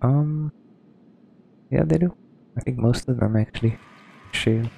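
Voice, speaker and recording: A man's voice: medium pitch, a little slow, creaky, mellow, slight background noise. A man giving casual, rambling let's-play commentary, hesitant and full of ums. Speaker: gaming streamer.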